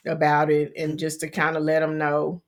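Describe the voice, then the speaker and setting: A woman's voice: sits low, completely flat delivery, moderate pace. A middle-aged woman co-hosting a podcast, telling a family story in an earnest, vivid way with frequent restarts. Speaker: podcast co-host. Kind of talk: casual conversation.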